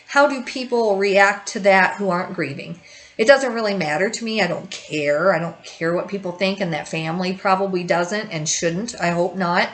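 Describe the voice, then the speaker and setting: A woman's voice: mid-range voice, fairly bright tone, rough recording. Grief vlog host, woman in her 50s, candid and rambling, a mid-range voice. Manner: rambling, talks in circles, with restarts. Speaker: grief-support video host. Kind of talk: candid personal talk to camera.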